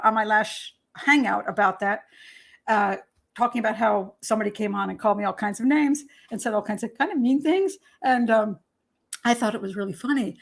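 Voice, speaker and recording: A woman's voice: a little high, creaky. An older American woman hosting her own talk show, chatting casually and animatedly, often laughing and acting out what others say. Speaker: host and criminal profiler.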